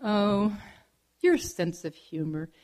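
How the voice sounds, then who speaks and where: A woman's voice: medium pitch, expressive, slow, a little mellow. A woman voicing a lovesick male bobcat who recites clumsy love poems, in a told folk story. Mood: fawning. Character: lovesick boastful male bobcat, bad poet.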